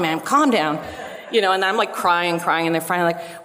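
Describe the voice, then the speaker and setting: A woman from Canada on a convention panel, telling an animated story and acting out her own lines. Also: lowish voice, fast talker. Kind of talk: casual anecdote telling. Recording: echoey convention hall.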